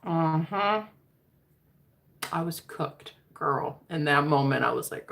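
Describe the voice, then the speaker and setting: A woman's voice: sits low, animated, takes it slowly, creaky, pauses often, a bit bright. A woman casually telling a personal story to her viewers, candid and profane, calling them girl. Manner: candid, profane, chatty, addresses listeners as girl. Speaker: tarot reader.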